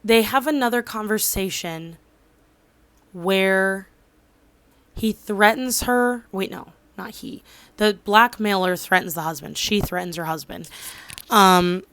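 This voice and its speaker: A woman's voice: mid-range voice, slow pace, long pauses, a bit bright, no room sound. A woman in her twenties casually recapping a drama, rambling with lots of fillers and losing track of details. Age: 20s. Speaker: drama reviewer.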